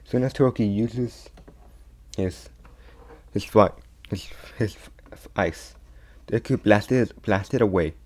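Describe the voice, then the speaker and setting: A young man telling a fan story in a loose, unscripted way. His voice sits a little low, and he keeps stopping, repeating words and starting over. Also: a little mellow. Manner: halting, many restarts and repeats. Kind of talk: casual retelling of a fan story.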